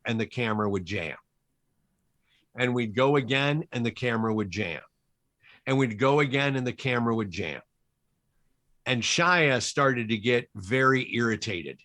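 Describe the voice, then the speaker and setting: A man being interviewed about his career, with a voice of ordinary middle pitch. He tells anecdotes from film sets in a relaxed, lively flow. He often acts out what other people said. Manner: animated, quotes people in his stories. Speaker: cinematographer guest.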